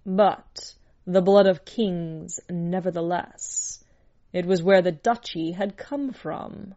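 A woman narrating a story aloud in an unhurried, measured storytelling manner. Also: lowish voice, warm tone, lo-fi sound.

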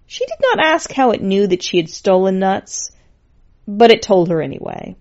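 A woman reading a story aloud in a steady, plain way. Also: medium pitch, moderate pace, gravelly, dull audio.

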